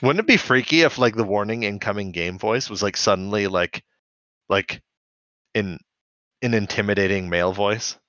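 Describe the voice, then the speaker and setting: A man's voice: on the low side, moderate pace, pushed and bright, no echo. A man co-hosting a casual podcast who recaps a cartoon episode in a chatty way. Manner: chatty, acts out characters' lines. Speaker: podcast co-host. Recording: dry, slightly dull mic sound.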